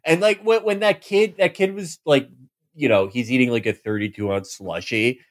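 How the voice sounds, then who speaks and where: A man's voice: mid-range voice, moderate pace. A man, a podcast host, telling mocking comic stories in casual chat. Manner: animated storytelling, mocking.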